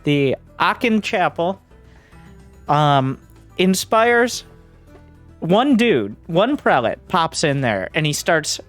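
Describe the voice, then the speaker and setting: A man's voice: a little high, big pitch swings, slow pace, long pauses, fairly bright tone, soft background music. Blunt, foul-mouthed male game coach. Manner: blunt, profane, sarcastic.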